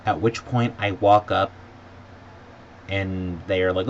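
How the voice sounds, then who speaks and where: A man in a vlog ranting sarcastically about a bad trip, sometimes mimicking staff in a higher voice. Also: moderate pace. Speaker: vlogger. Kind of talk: exasperated travel rant. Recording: dull lo-fi audio with faint background noise.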